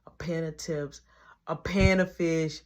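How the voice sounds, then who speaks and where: A woman voicing a sneaky young man, muttering low, half-whispering, in a storytime. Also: steady tone, slow, darkish tone. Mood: hushed. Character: hushed scheming younger brother, low-key.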